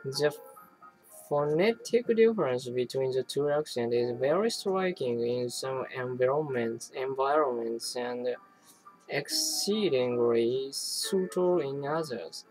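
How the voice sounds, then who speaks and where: A person reading an academic text aloud, halting often to restart and correct words. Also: mid-range voice, expressive, a little mellow, faint music behind, poor audio. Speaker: reader.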